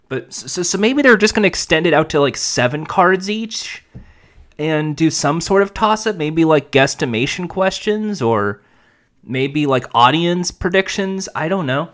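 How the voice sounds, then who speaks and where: A man hosting a podcast, talking quickly and wryly about the news with a self-mocking humor. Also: on the high side, expressive, fairly bright tone. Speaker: podcast host. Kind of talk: casual podcast commentary.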